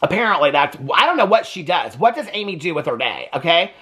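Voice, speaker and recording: A man giving a sassy, animated casual recap of a reality TV episode, often tagging lines with "okay?". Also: on the high side, fast, breathy edge. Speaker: TV reaction vlogger.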